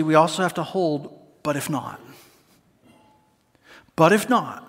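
A man preaching a sermon as pastor, conversational and animated, with playful asides to the congregation. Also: high-pitched. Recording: long hall reverb.

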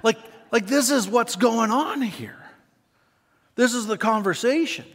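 A man preaching a sermon as pastor to a church congregation, animated and acting out scenes. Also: very high-pitched, a little slow. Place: church sanctuary. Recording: long reverb of a church hall.

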